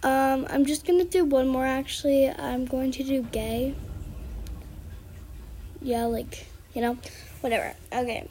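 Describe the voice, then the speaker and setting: Teen girl, high and unhurried, hesitant and apologetic; casual skit vlogger. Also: steady tone, warm tone. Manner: hesitant and apologetic, many fillers.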